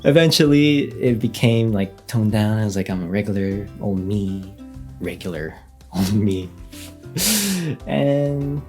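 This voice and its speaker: A man's voice: lowish voice, lively intonation, slow, darkish tone, soft background music. A young man telling a casual story as a vlogger, chatty, with lots of fillers and light laughs.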